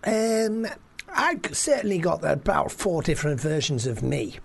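A man's voice: a little high, expressive, measured pace, vocal fry, a little hiss or hum. A man co-hosting a comedy podcast, telling stories in a casual chat, laughing often and swearing freely. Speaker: podcast co-host.

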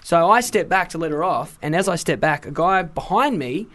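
Radio host guy, kinda high voice, chatty and animated, studio mic. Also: moderate pace. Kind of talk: casual radio chat.

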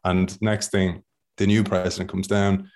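A man with an Irish accent tells stories in a relaxed, chatty way, his voice sitting low. He keeps the telling animated and easygoing. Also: a little slow. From Ireland. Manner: animated storyteller, laughs often and acts out other people's voices. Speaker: podcast guest, former rugby player. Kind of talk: casual storytelling.

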